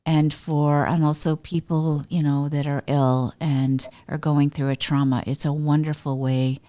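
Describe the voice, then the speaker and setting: A woman's voice: sits low, level tone, measured pace, warm tone. A woman hosting a podcast, chatting casually and affirming her guest as they talk. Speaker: podcast host.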